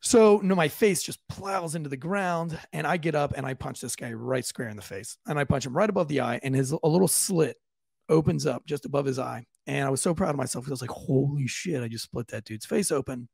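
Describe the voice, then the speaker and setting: A police officer tells a wild story in a casual, profane way, slipping into the voices of the people involved. His voice is a little high and gravelly, and it is recorded dry and close with no room echo. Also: a little fast. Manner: profane, lively, acts out quoted voices.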